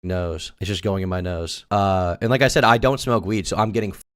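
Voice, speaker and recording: A young man talks fast and a little low, rambling through a story, looping back on his own words. He fills gaps with plenty of fillers as he goes. His delivery stays casual and unpolished. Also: fairly even intonation, fairly bright tone. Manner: rambling, repeats himself, lots of fillers. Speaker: streamer telling a story.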